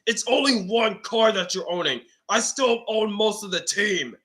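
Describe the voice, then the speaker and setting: A man putting on a slow, firm voice for an old grandfather turning down his grandson. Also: high-pitched, lively intonation, fairly bright tone, voice pushed up. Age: older.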